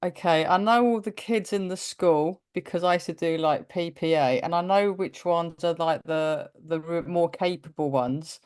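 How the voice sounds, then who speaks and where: A woman's voice: fairly low pitch, normal speed, few pauses, smooth. A woman, a primary teacher of Greek descent, telling stories in a casual interview and acting out the dialogue. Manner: animated storyteller, acts out quoted dialogue, laughs often. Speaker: guest teacher.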